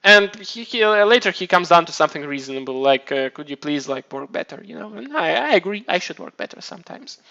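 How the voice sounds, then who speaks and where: A man's voice: sits high, sing-song, a little fast, vocal fry, hardly any pauses, sharp tone, highs cut off. A man casually chatting on his live stream, rambling and swearing, often restarting his sentences. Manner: rambling, profane, self-mocking, many restarts.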